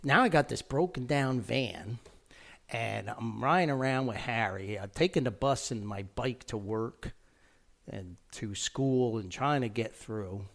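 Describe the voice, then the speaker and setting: New Jersey man, middle-aged, gravelly and lively-pitched, folksy rambling podcast storyteller. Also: measured pace. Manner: rambling, folksy, animated with lively quoted voices. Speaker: podcast host telling a personal story. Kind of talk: casual spoken storytelling.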